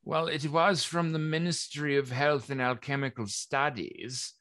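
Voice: mid-range voice, fairly even intonation, unhurried, fairly bright tone, dry recording, clean studio sound, close to an everyday voice. A game master voicing a self-justifying alchemist who harvests crab blood under a city license, speaking formally and defensively. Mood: indignant. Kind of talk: in-character tabletop role-play.

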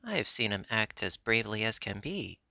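A man voicing an earnest, proper young girl in a storybook reading, speaking a little higher and primly. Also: sing-song, brisk, vocal fry, pushed and bright, no room sound, exaggerated voice.

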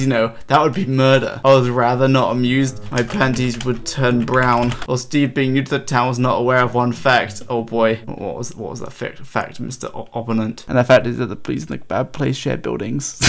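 A young man hosting a gaming video, excitable and giggly as he reads chat aloud and comments on play. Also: mid-range voice, slight background noise. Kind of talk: casual gameplay commentary.

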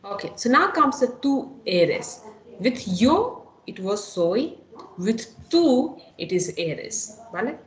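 A woman's voice: a little high, very animated, slow, echoey room, low-quality recording. A woman teaches a Spanish lesson, explaining step by step and often checking in with "no?" and "okay?". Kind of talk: online lecture.

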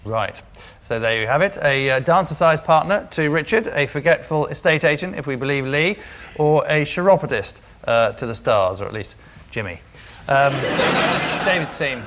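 A man's voice: fairly high pitch, animated, moderate pace. A man hosting a comedy panel show, reading the rounds with dry, wry asides. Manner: dry, wry delivery with chuckles. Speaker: quiz show host. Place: TV studio with a studio audience. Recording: studio audience and loud noise behind.

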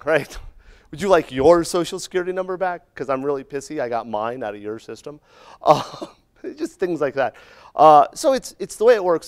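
A middle-aged man speaks at a conference in a slightly higher register than most men. His delivery is loose and conversational, full of jokes and asides. He keeps checking in with the room with a quick "right?". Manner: joking, conversational, often adds "right?". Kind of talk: humorous conference talk.

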